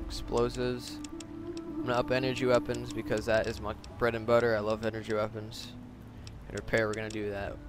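A young man commenting on a video game into a headset mic at home, excitable and profane, sometimes bursting into yells. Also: lowish voice, a little fast, over music. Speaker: gaming commentator. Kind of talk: let's play commentary.

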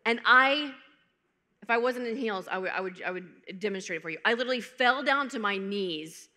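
A woman's voice: medium pitch, animated, normal speed, pushed and bright. A woman from the United States giving a testimony talk at a conference, telling her story with humor and acting out the quotes. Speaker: conference speaker. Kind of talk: testimony talk to a large audience. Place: large conference hall. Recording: long hall reverb.

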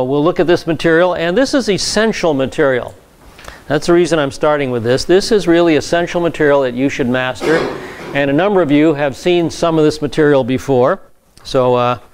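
A man's voice: a little high, smooth. A man, a pastor, teaching a Bible class in a conversational lecture style, with frequent fillers and repeated words.

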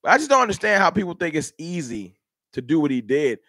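High-pitched, fired-up fan show host. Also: male voice, big pitch swings, fast, bright, forceful tone, no room sound, clean studio sound. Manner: heated, rhetorical, talks straight to chat. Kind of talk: animated live-stream sports rant.

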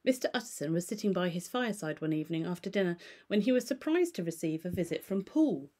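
A woman teacher reading a novel aloud to a class in a steady, measured way with small stumbles. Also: on the low side.

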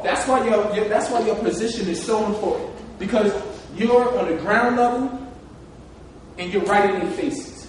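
High-voiced speaker in an echoey hall. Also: male voice, moderate pace, distant mic, slight background noise. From New Jersey. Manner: emotional, repetitive, storytelling. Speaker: motivational speaker. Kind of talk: live talk to an audience.

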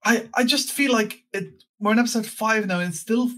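A man's voice: high-pitched, fairly quick, sharp tone. A man co-hosting a casual podcast, easygoing and joking, laughing readily. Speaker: podcast co-host.

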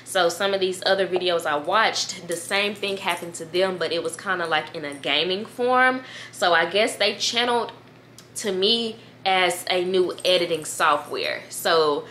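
A young woman in her twenties talking casually to camera as a YouTuber, chatty and animated, reading emails aloud and calling her viewers "girl.". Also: lowish voice, measured pace, a little hiss or hum. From United States. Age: 20s. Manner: reads emails aloud, trails off with "da, da, da".

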